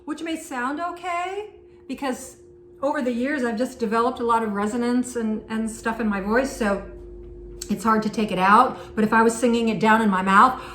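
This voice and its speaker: A woman teaching singing speaks at a moderate pace in a somewhat high, slightly bright voice with fairly even intonation. She's encouraging and conversational, breaking off to demonstrate sung vowels, in an echoey room with faint background noise.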